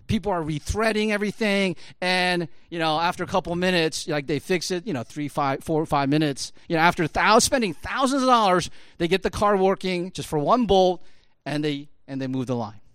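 A man's voice: high voice, a bit bright, clean tone, no echo. A man telling a story in a casual talk, full of fillers like "like" and "you know", building up to emphatic bursts. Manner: casual, lots of fillers, rising to emphatic peaks. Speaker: speaker.

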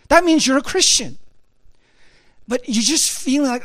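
A middle-aged man preaching a sermon in a casual, conversational way, peppering his talk with "right?" and "you know" and rising high and loud when he makes a point. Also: a little slow, long pauses, no room sound, clean studio sound. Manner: animated, swings high and loud when emphatic.

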